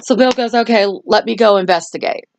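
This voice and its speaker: A woman's voice: mid-range voice, a little fast, dull audio, a little hiss or hum. A woman hosting a casual movie review, rambling through a plot recap with lots of fillers. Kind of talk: casual chat.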